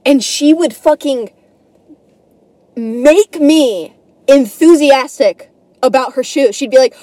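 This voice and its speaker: A young woman with a high yet mellow voice talks through a solo podcast, rambling and self-deprecating. She swears casually and restarts her sentences often. The sound is dry and close, with no room around it. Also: slow pace, pauses often, no room sound. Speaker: podcast host.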